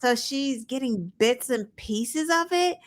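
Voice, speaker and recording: A woman's voice: high-pitched, slow. A woman co-hosting a podcast, chatting casually and animatedly about politics. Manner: animated, mimics people she quotes. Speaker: podcast co-host.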